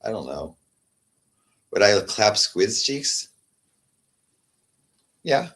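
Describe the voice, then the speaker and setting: A man chatting casually on a livestream, halting and repeating his words, trailing off and sometimes dropping to a murmur. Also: on the low side, very animated, a bit bright. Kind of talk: rambling casual livestream chat.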